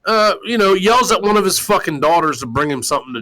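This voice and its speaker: A man hosts a profane live-stream show, tearing into his target with crude mockery. His voice sits fairly high and bright and swoops up and down as he vents. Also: lively intonation, fast, rough recording. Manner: loud, mocking and crude, swinging widely in pitch. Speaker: talk show host.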